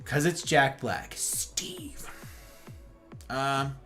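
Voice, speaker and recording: A man chatting casually with viewers on a live stream, playful and jokey, his pitch swooping up and down. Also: big pitch swings, moderate pace, over music.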